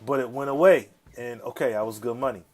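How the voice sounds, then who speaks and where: A man's voice: mid-range voice, fairly quick, darkish tone. A man, hosting a podcast and telling a casual, profane story in slang, often checking in with the listener. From south side of Chicago, USA. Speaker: podcast host.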